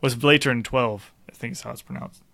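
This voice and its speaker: A man's voice: medium pitch, fairly even intonation, a little fast, gravelly, bright, forceful tone. A young man co-hosting a podcast, chatting casually over beers, rambling and profane with frequent laughs. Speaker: podcast co-host.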